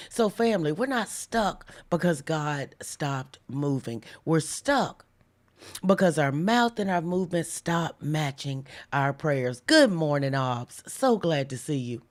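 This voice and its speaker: A woman's voice: sits low, expressive. Chatty woman preaching a live devotional. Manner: chatty, reads viewer comments aloud, slows down for emphatic lines. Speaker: host of a live devotional stream. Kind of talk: casual livestream devotional preaching.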